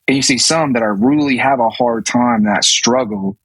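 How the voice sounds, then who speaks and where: Husky guy in his 30s, rambly podcast guest telling navy stories, dry close mic. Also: mid-range voice, moderate pace, fairly bright tone, no room sound, poor audio. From US South. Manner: rambling with many restarts and acted quotes. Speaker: podcast guest, navy command master chief. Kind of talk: casual storytelling in an interview.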